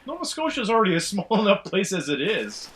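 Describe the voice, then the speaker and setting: Canadian man, bright forceful voice, slightly high, rambling co-op game chat, headset mic. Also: huge pitch swings, fast, poor audio. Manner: chatty and rambling, laughs easily. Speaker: gaming commentator. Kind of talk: casual co-op chat over gameplay.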